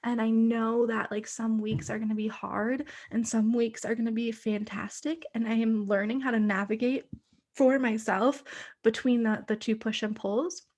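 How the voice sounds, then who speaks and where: A woman hosting her own podcast, talking casually on her own, full of fillers and swearing, and sometimes dropping to a soft whisper. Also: on the high side, steady tone, normal speed. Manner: chatty, many fillers, frequent swearing. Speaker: podcast host. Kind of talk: casual solo podcast monologue.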